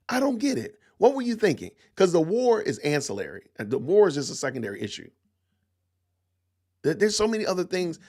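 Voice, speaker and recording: A middle-aged man hosts a podcast and argues his opinions hard, firing rhetorical questions and circling back over the same points. His voice is gravelly and sits a little high for a man. It swings widely in pitch as he presses each point. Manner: emphatic, rhetorical questions, repeats himself. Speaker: podcast host. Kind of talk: opinionated livestream commentary.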